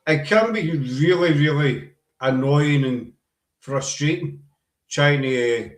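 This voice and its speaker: A Scottish podcast host with a slightly high voice chats casually and slowly, rambling a little and dropping words like "aye" and "wee." The recording has a roomy sound.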